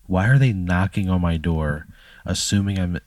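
A man with a low, deep voice plays along in an improvised comic scenario, reacting with exasperation and frequent cursing. The sound is dry and close. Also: moderate pace, a little mellow, dry recording. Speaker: podcast co-host playing along. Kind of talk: improvised comedic role-play.

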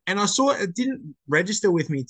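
A young man chatting casually, his voice sitting a touch higher than most men's. He rambles through his stories with slang and plenty of restarts. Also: very animated, fairly quick, fairly bright tone. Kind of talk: casual chat.

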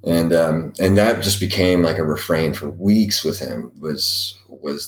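Very deep-voiced man, halting and rambling. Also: fairly even intonation. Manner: halting, repeats words while searching for them. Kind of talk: casual rambling storytelling. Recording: roomy echo.

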